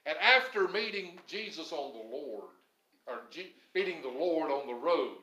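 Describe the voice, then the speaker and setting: A man's voice: sing-song, a little slow, slight background noise. Emphatic preacher man, roomy echo. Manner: emphatic, swings between loud stresses and low quiet phrases. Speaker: pastor. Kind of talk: sermon.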